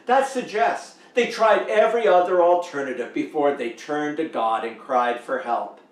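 A Canadian man preaching a sermon as pastor, slow and emphatic, with rising pitch on key words. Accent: Canadian English. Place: church sanctuary. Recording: echoey church room, mic at a distance.

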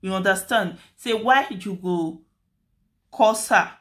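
Taking it slowly, she talks in a mid-range, fairly bright voice. The Nigerian-accented channel host goes over a dispute in casual Nigerian Pidgin, lecturing in a chatty way and restating her points.

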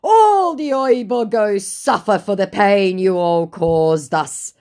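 Brief: whiny young male scammer, slow and high, a woman putting him on. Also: animated, a little mellow. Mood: aggrieved.

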